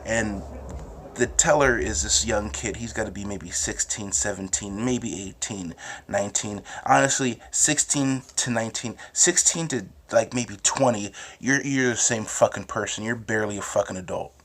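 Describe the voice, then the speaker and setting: A man's voice: fairly low pitch, moderate pace, a bit bright. A young man from New Jersey with a Jersey accent, hosting a casual, rambling monologue full of swearing and restarts. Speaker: host.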